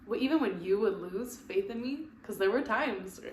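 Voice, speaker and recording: A woman's voice: mid-range voice, lively intonation, moderate pace, a little mellow. A woman guest in a casual podcast chat who speaks candidly and with a lot of feeling. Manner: candid, heartfelt, emotional. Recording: roomy echo with faint background noise.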